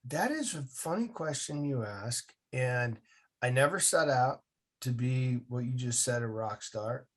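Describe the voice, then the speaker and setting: A man in his fifties from Massachusetts, a guest telling his story in a lively, folksy, upbeat way. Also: medium pitch. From Massachusetts, USA. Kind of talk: casual interview storytelling.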